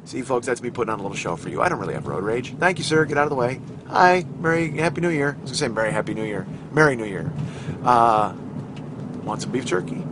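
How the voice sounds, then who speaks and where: A man with a hoarse voice hosting a rambling, profane, self-mocking comedy podcast while driving, recorded on his phone inside the car. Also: medium pitch, very animated, fast. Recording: car road noise on a phone.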